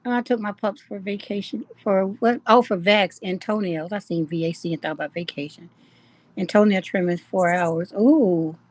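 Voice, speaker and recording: A middle-aged woman with a drawl and a mid-range voice hosts a jewelry shop's live stream at a moderate pace. She chats easily, greets viewers by name and laughs a lot, in dry, close sound with no echo.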